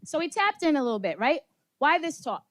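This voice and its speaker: A lively woman leads a workshop session, pitched a touch high, drawing the room in with questions and quick laughs. She sounds slightly out of breath as she moves through the audience. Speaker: speaker leading a workshop session. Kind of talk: interactive motivational talk. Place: conference room with live audience.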